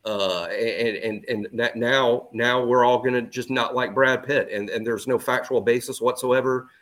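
A man co-hosts a sports podcast in relaxed, casual chat. He talks haltingly, often repeating words and restarting his sentences. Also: medium pitch.

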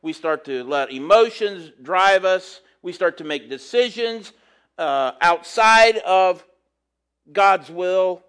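A man preaching a conversational sermon, reading scripture and adding relaxed, chatty asides. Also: sits high, takes it slowly, smooth.

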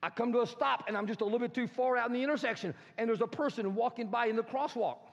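A male pastor preaches with animated humor and slips into mimicking everyday complainers. His voice sits very high for a man. It echoes through a large church hall, and the recording sounds dull. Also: quick pace, vocal fry, noisy background. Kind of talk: sermon.

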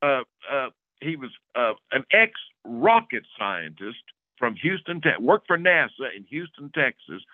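A man, a podcast guest, telling a long story in a casual, lively way and acting out the other people's lines. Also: mid-range voice, measured pace, no room sound. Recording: tinny phone-like dry recording.

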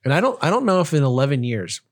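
A man co-hosting a casual chat with his partner, teasing her and acting out her requests in a lively way. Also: on the high side, fast. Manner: teasing, animated storyteller who acts out his partner's requests. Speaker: podcast co-host.

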